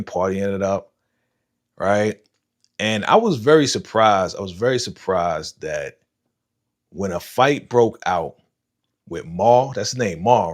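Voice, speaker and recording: Guy on a live stream reacting to a show, lowish voice, slangy and animated, chatting with viewers. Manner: animated, slangy, retells scenes with voiced quotes; talks to live chat viewers by name. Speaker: livestream host reacting to a TV episode. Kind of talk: casual live reaction commentary.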